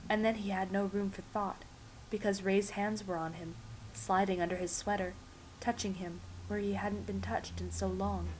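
A woman narrating a story in an audiobook style, calm, measured and intimate. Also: medium pitch, a little hiss or hum, rough recording. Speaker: story reader.

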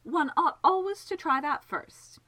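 A woman voicing a graceful female ghost who talks in a gently teasing, amused way. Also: high-pitched, lively intonation, a little slow, voice pushed up, heavily acted, low-quality recording.

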